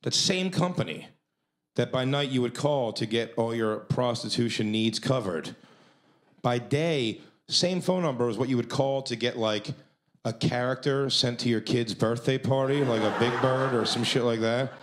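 A man's voice: mid-range voice, normal speed. A man telling a profane, laugh-filled comedy story on a club stage into a handheld mic. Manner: profane, laughs through his lines. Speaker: stand-up comedian. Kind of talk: stand-up storytelling.

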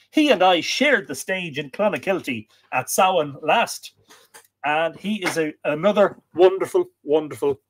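An Irish man hosting a live stream, chatting casually, reading out viewer comments and recommending books, with plenty of ums and uhs. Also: mid-range voice. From Ireland. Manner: chatty, reads viewer comments aloud, many fillers. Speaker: livestream host. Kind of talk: casual livestream chat.

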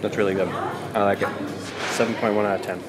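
A man's voice: on the low side, fairly even intonation, brisk, over a noisy crowd. A young man chatting casually as he vlogs his travels, joking and rambling between meals and sights. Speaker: travel vlogger. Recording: handheld camera with ambient noise.

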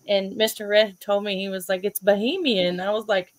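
A woman with a Southern US accent, hosting a stream and telling stories in a casual, animated way, laughing often. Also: mid-range voice, brisk, few pauses. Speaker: host. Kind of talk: casual storytelling chat.

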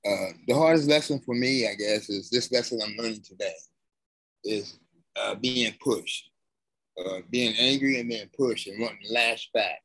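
A man giving an emotional personal account on an online panel, halting and searching for words, sounding aggrieved. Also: fairly low pitch, fairly bright tone, breathy edge, dry recording, low-quality recording. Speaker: conference attendee.

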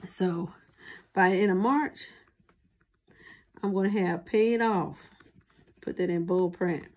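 A woman's voice: fairly low pitch, slow, darkish tone. A woman chatting casually to her viewers as a budgeting vlogger, often calling them y'all.

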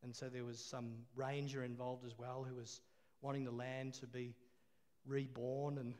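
A man's voice: medium pitch, little pitch movement, moderate pace, a little mellow. A man preaching a sermon, telling a story with laughs and call-and-response.

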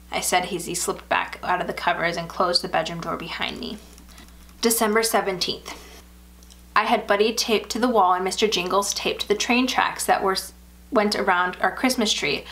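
A woman narrating a first-person horror story aloud in an even, measured way. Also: medium pitch.

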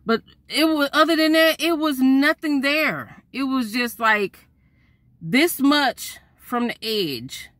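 A woman, telling a story to her viewers in a chatty, animated way. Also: high voice, slow pace, no echo. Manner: lively, chatty, talks straight to viewers.

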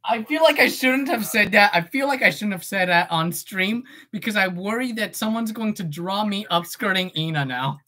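A woman's voice: mid-range voice, animated, normal speed, hardly any pauses, bright, forceful tone. An eighteen-year-old woman streamer and voice actor chatting casually, goofy and swearing, breaking into yelps.

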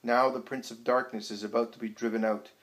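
A solemn grown preacher who declaims his words to a crowd, read out by a man. His voice sits at a middling pitch and stays grave and commanding throughout. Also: flat delivery, brisk, natural voice, rough recording.

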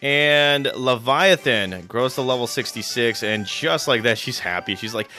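A man commentating a video game playthrough, chatty and excitable, with frequent stumbles and restarts. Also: medium pitch, measured pace, faint music behind. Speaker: let's play commentator.

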